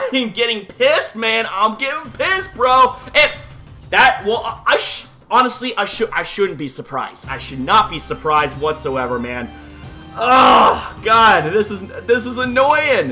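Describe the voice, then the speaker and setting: Excitable young man shouting over a game. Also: high-pitched. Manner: excitable, swears often, shouts at big plays. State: just back from the gym, dry throat. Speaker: gaming YouTuber. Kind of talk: live game commentary. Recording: music faint behind voice.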